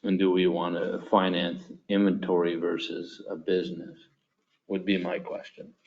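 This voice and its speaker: A man's voice: sits low, level tone, normal speed, darkish tone. A man on a local board talking through a loan question in a practical, questioning way. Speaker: board member. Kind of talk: casual meeting discussion. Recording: dull lo-fi meeting recording.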